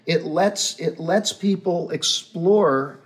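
A man's voice: a little high, slow. A man as the guest in a casual unscripted interview, earnest and musing, speaking in pronouncements.

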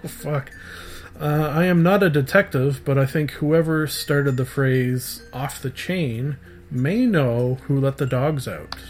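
Slow-talking man reading his jokes. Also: medium pitch, a little mellow. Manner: slow, drawn-out delivery of one-liners, groaning at his own jokes. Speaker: podcast host. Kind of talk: reading out his own joke list.

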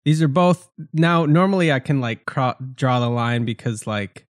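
A man's voice: medium pitch, normal speed, no echo, clean studio sound. A man co-hosting a casual podcast, asking playful, goofy questions. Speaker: podcast co-host.

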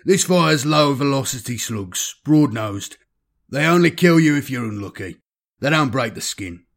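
A man's voice: mid-range voice, lively intonation, unhurried, gravelly, pitched above the performer's own voice. A man voicing a seasoned, cynical male space traveller who talks in an amused drawl, in a science-fiction audiobook. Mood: wry.

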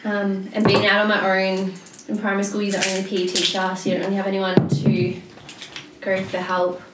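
A woman's voice: mid-range voice, completely flat delivery, fairly quick. A young woman, a teacher, chatting on a podcast and laughing often. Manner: giggly, chatty. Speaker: guest, PE teacher. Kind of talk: casual group chat. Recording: echoey room with background noise.

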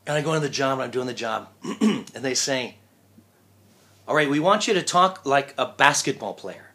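A man talking loosely in an interview about his voice work. He tells anecdotes in an easy, mid-pitched voice and jumps into the voices of the people he quotes. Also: moderate pace. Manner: animated storyteller, acts out quoted voices. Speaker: voice actor, guest. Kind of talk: casual interview chat. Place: living in Japan.

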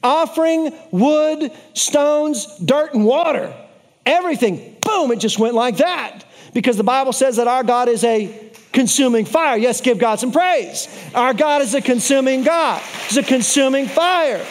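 A man with a strikingly high voice preaches a sermon. He tells the story with lively energy, breaks off for playful asides to the congregation, and repeats key lines to drive them home. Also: measured pace, slight background noise. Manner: repeats phrases for emphasis.

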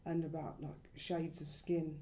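A woman's voice: sits low, measured pace. A woman talking in loose fragments. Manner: talks in loose, trailing fragments, animated when quoting others. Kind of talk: casual conversation.

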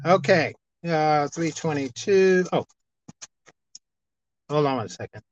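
A woman preacher delivering a sermon, swinging between loud emphatic outbursts and quiet asides. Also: deep voice, lively intonation, slow. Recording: dull lo-fi dry sound.

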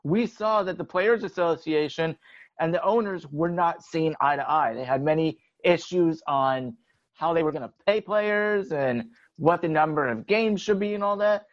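High-voiced young man on a lo-fi podcast. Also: moderate pace, no echo. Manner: steady explaining, leans on "like". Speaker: podcast co-host. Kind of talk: casual sports podcast chat.

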